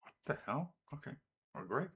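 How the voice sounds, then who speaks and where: This streamer from Denmark speaks with a Danish accent, slowly mulling over train routes as he builds them and chatting to the trains themselves. When something fails, he swears or cries out. His husky voice sits on the high side, very animated and fairly bright.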